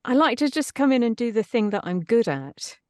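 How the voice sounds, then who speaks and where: A voice actress guest chats in a casual interview, talkative and self-deprecating. Her fairly high voice is sing-song and a little fast, recorded with clean studio sound and no echo.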